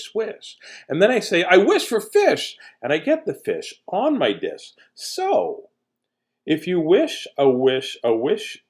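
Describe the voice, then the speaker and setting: Chirpy little male storybook creature, sing-song and slow, lively pitch , as a man puts it on.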